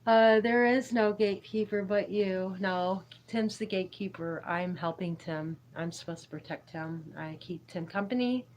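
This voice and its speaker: A woman's voice: medium pitch, normal speed, few pauses, a little mellow, a little hiss or hum, low-quality recording. A woman hosting a spiritual livestream, chatting in a loose, meandering way, laughing often and answering viewers' chat. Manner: giggly, meandering, reads chat aloud. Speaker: YouTube livestream host.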